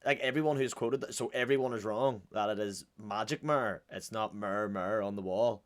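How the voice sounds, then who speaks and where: A man's voice: fairly low pitch, a little fast. A man with a Northern Irish accent hosting and joking his way through casual reaction commentary. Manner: joking, chatty, offhand. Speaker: host.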